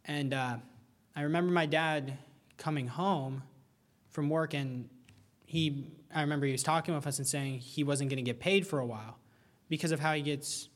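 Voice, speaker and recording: A young man preaching with earnest, animated energy, his voice sitting a little high for a man. He stumbles and repeats words when something excites him, then slows right down to press a point home. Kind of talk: sermon.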